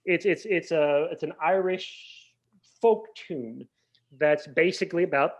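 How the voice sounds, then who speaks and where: A man in his late forties with a fairly high voice, talking as a podcast guest. He chats casually and tells stories in a rambling way, often restarting his sentences. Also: normal speed, muffled recording. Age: 40s. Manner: chatty storyteller, frequent restarts. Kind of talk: casual chat.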